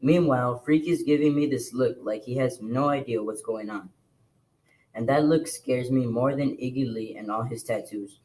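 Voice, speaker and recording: A man reading a novel aloud to a class in plain, steady storytelling. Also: mid-range voice, normal speed, poor audio. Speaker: reader.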